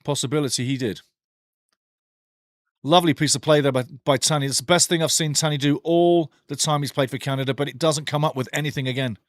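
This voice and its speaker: A man hosting a live match watchalong, calling the play and answering chat in an animated, opinionated way. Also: fast, no room sound, studio quality. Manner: animated, opinionated, swings from excited calls to low asides. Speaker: watchalong host commentating a match.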